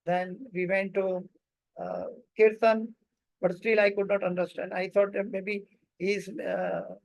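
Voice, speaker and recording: High-voiced man telling a halting story. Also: gravelly, a little mellow, dry recording, low-quality recording. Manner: halting, many uh fillers, non-native English grammar. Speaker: devotee recounting a memory. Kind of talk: personal storytelling.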